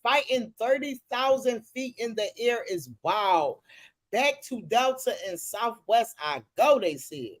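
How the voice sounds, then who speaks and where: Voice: medium pitch, animated, slow pace. Profane, dramatic gossip commentator. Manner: loud, profane and dramatic reactions.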